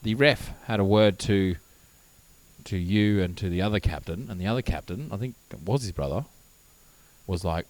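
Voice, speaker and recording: A man co-hosting a podcast, telling stories in casual, animated chat with lots of swearing. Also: deep voice, normal speed. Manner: animated, swearing, laughing storyteller. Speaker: podcast co-host.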